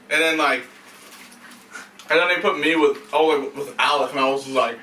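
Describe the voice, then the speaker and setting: Young dude cracking jokes and swearing, highish bright voice, echoey room. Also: male voice, steady tone, moderate pace, pauses often. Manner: laughing, swears, interjects jokes. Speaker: guest. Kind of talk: casual chat. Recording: echoey room from a distance, faint noise.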